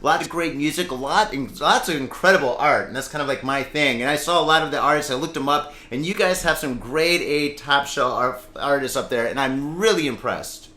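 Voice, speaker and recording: Guy from michigan hosting a podcast, jokey and self-mocking, bright voice, roomy echo. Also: fairly high pitch, fairly quick, few pauses. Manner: joking, self-mocking, laughs often. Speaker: podcast host. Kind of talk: casual podcast chat.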